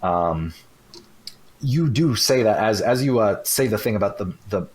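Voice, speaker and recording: A man's voice: fairly low pitch, lively intonation, unhurried, husky. A man narrating as game master of a tabletop game in a rambling way, full of fillers.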